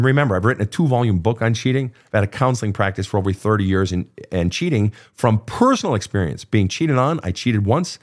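A middle-aged man, a relationship counselor hosting his show, giving blunt, profane, emphatic advice in a casual monologue. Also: lowish voice. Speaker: relationship counselor and podcast host.

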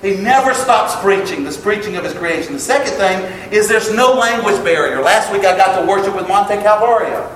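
A man preaching a sermon to his congregation, emphatic and building to loud exclamations. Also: high-pitched, expressive, moderate pace, hardly any pauses, distant mic, a little hiss or hum. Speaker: pastor. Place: church sanctuary. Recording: echoey hall, picked up from afar.

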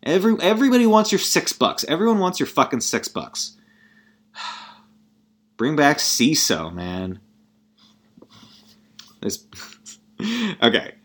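A man's voice: on the high side, sing-song, slow, long pauses, fairly bright tone. A man ranting casually about a movie, rambling and profane, with sarcastic laughing asides. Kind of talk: casual comedic movie rant.

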